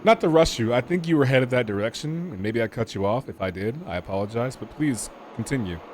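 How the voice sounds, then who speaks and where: A man at a middle pitch reads story text from a game in a slow, measured way, then drops into loose, joking chatter with his viewers. His voice sits right in the usual range for a man. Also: expressive, darkish tone, a little hiss or hum. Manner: slow, deliberate reading of narration, jokey asides. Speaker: gaming streamer. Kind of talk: reading game text aloud with casual commentary.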